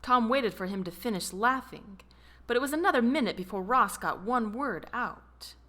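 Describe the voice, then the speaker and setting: A woman narrating an audiobook in a slow, expressive storytelling manner. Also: a little high. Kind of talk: scripted narration.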